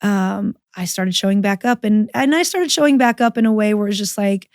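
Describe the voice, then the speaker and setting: A woman guest on a podcast, telling a personal story frankly, with plenty of swearing and animated quoting of her own thoughts. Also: medium pitch, moderate pace, no room sound, studio quality. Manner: frank and profane, animated retelling with quoted inner voice. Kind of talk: candid conversational storytelling.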